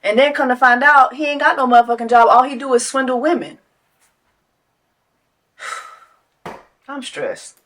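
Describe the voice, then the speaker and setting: A woman hosting a casual reaction commentary, loud and profane, breaking into laughter and talking straight to her viewers. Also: high-pitched, measured pace, pauses often. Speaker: host.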